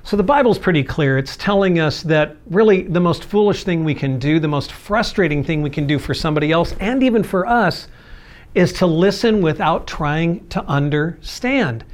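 A man's voice: fairly high pitch, expressive, normal speed. A man preaching a sermon in an earnest, conversational way, acting out everyday quotes as he goes. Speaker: pastor.

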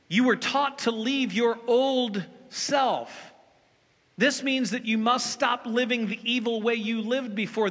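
A man's voice: sits high, bright, forceful tone. A man preaching a sermon as pastor, speaking emphatically and directly to his congregation. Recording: long reverb of a large hall.

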